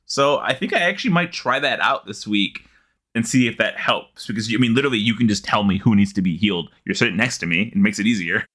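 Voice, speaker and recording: A man co-hosting a casual gaming podcast from home, excitable, often gasping and laughing. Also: lowish voice, fast. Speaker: podcast co-host. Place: home, sitting beside co-host.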